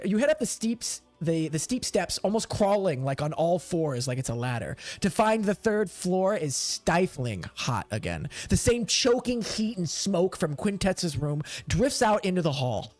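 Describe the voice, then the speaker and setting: A man narrating as game master of a tabletop game, animated and rambling. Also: high-pitched, normal speed, hardly any pauses, soft background music.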